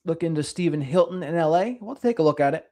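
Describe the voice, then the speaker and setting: Talking fast in a slightly high voice, this middle-aged livestream host reads comments aloud and banters with viewers. His delivery is lively and sing-songy throughout.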